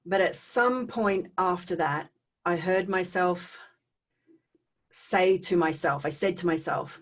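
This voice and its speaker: Earnest, halting woman telling her own story. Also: on the low side. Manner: halting and earnest, often repeats and restarts words. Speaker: speaker sharing her personal story. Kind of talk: emotional personal testimony talk.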